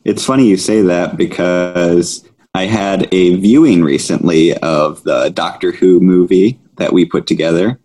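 A man's voice: deep voice, unhurried, mellow. A man speaking as a podcast guest with wry, teasing remarks. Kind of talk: casual podcast chat.

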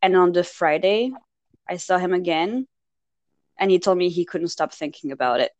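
A woman's voice: on the low side, normal speed, a little mellow, no echo, dull audio. A woman from France, co-hosting a casual chat and telling rambling anecdotes full of fillers and laughs.

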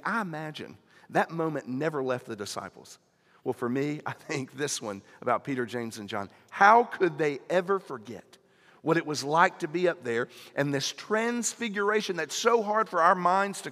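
A pastor preaching a sermon, retelling scripture in a conversational storytelling way and acting out the dialogue. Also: male voice, on the high side, fairly bright tone, in a large hall.

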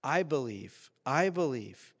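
A young man preaching a sermon as pastor, telling a personal story in a lively, animated way. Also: mid-range voice, slow pace. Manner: storytelling, animated, acts out quoted voices. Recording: reverberant church hall.

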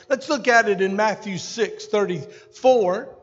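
A senior pastor delivers a folksy, conversational sermon, with asides to his congregation. His voice sits notably high for a man, and the recording is dull and muffled. A long reverb trails his words through the church hall. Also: a little slow, fairly bright tone. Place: church sanctuary.

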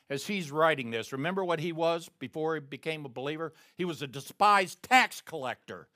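A man preaching a sermon, telling the story with acted-out quotes and swinging from quiet asides to loud, emphatic peaks. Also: on the high side, expressive, normal speed, few pauses, no echo, clean studio sound. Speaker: pastor.

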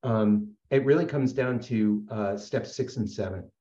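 A man with a lowish voice shares his story at a support meeting, talking in an earnest, rambling way full of fillers and restarts. The sound is dull and lo-fi, and it echoes in a roomy space. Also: measured pace, mellow. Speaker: speaker sharing at a recovery meeting.

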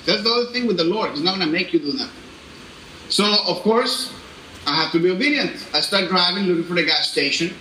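High bright-voiced man telling a testimony. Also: slight background noise. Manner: animated, laughing, halting restarts. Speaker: speaker giving a personal testimony. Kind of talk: storytelling testimony. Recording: echoey room with faint ambience.

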